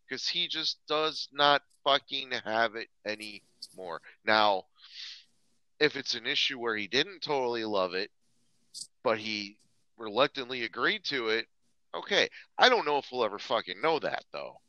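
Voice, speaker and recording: Male podcast co-host, fired-up profane rant, bright edgy voice, dry lo-fi mic. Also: mid-range voice, unhurried, clean tone, no room sound. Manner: animated, profane, frequent restarts and stammers.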